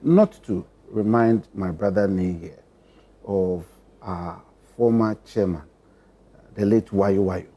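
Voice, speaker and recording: A man speaks on a TV panel. His voice is low, very dark and husky. He talks in formal, carefully weighed phrases with measured pauses. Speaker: political panelist. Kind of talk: panel discussion.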